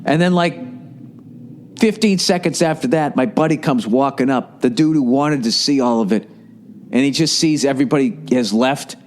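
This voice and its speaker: A man's voice: medium pitch, moderate pace, slight background noise. A man hosting a podcast, telling a long, profane anecdote in a casual monologue and mimicking people as he goes. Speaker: podcast host.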